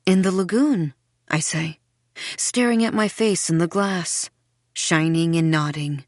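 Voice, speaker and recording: A woman reading a first-person mystery audiobook in a dreamy, unhurried, faintly unsettling way. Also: fairly low pitch, dry recording, studio quality. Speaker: audiobook narrator.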